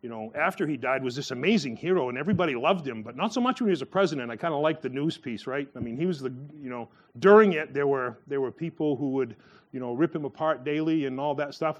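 A man giving a sermon in a loose, conversational way, full of fillers and restarts, who jumps up in pitch when he acts out the people in his stories. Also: quick pace. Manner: acts out quoted voices with a sharp rise in pitch. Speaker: preacher.

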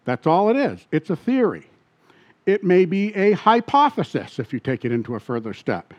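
A man's voice: high voice, big pitch swings, normal speed, a little mellow, lo-fi sound. A man preaching a sermon as pastor, often asking his listeners questions and repeating key points.

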